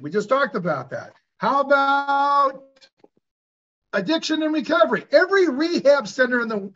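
A middle-aged man talks in a high voice as a guest in an interview. He tells stories earnestly and preaches a little, asking rhetorical questions. The recording sounds dull and lo-fi. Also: a bit bright. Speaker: hyperbaric clinic owner, guest. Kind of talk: conversational interview storytelling.

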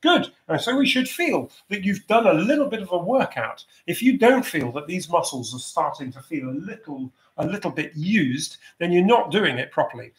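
A man leading a choir's vocal warm-up over a video call, giving gentle, encouraging instructions. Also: a little high, sing-song, normal speed, few pauses, reverberant.

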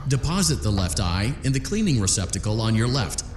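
An actor playing a calm, upbeat adult male repair instructor in a game, giving measured, encouraging guidance. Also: on the low side, noisy background. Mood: instructive. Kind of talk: game voice acting. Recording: roomy game audio over loud music.

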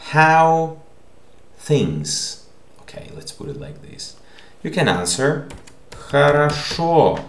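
A man teaching a lesson in a slow, patient way, repeating each word and checking in with the listener. His voice is low and gravelly, with a lively, rising and falling pitch. The recording is echoey, as if made in a bare room. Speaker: language teacher.

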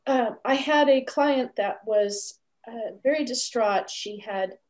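A woman guest telling a story in an interview over a video call, lively and acting out what others said. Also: a little high, takes it slowly. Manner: animated, acts out quoted voices. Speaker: animal communicator guest.

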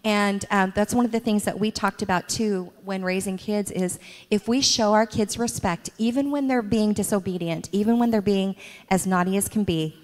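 A woman's voice: mid-range voice, normal speed. A middle-aged woman being interviewed at church, telling stories about her children with frequent laughter. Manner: warm storytelling with frequent laughs. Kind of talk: church stage interview, storytelling. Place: church sanctuary. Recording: long reverb of a church hall.

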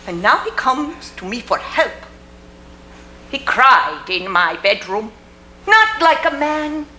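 Actress as a stern old grandmother: high, bright, slow and commanding, roomy stage sound. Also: heavily acted. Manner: hard, clipped, commanding. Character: stern old immigrant grandmother, iron-willed. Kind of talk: community theater stage acting. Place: theater stage.

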